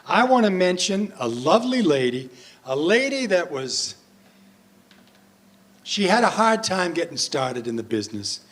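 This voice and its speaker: Man, entertainer, live sing-along banter, jokey and playful, unhurried pace. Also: high voice, sing-song, a bit bright. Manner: jokey, playful, chats with the audience. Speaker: entertainer singing for seniors. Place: performance room at a senior residence. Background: backing music.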